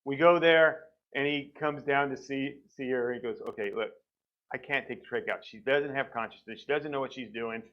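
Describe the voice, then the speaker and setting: A man's voice: mid-range voice, moderate pace, muffled recording. A man sharing his personal testimony from a church pulpit, telling the story conversationally and acting out what people said. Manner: conversational storytelling, acts out quoted doctors. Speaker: church member giving testimony. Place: church sanctuary.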